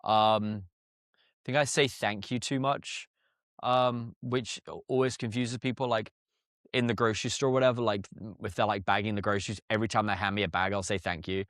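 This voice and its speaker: A young English man, a podcast guest, chatting casually with laughing asides and quick restarts. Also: lowish voice, steady tone, a bit bright, no room sound, clean studio sound. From England. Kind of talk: casual interview chat.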